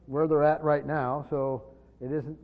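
A man's voice: on the high side, little pitch movement, unhurried. A man leading a Bible study in a conversational, explanatory way, often restarting his phrases. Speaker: Bible teacher. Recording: dull lo-fi recording in a reverberant hall.

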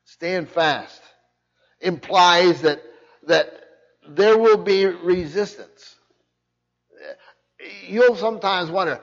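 A man's voice: slow pace, long pauses. An older man preaching a sermon, emphatic, often repeating words and restarting his sentences. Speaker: pastor. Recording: muffled low-fidelity recording.

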